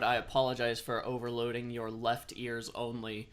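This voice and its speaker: A man's voice: mid-range voice, completely flat delivery, unhurried, a bit bright. A man chatting casually as a streamer while playing a game, rambling and self-deprecating. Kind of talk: casual gameplay commentary.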